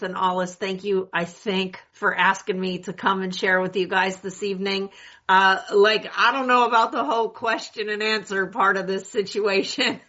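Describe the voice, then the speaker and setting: A woman's voice: mid-range voice, pushed and bright. A woman in her sixties from California, sharing her story at a recovery meeting in a wry, self-mocking way. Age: 60s. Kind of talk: candid personal share at a meeting. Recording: dull lo-fi meeting recording.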